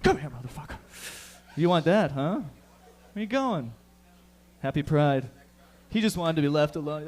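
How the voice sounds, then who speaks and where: A man's voice: sits high, very animated, moderate pace. Brash, profane young male comic host. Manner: brash, profane, loud crowd work. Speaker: comedy show host. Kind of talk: stand-up comedy. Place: comedy bar stage.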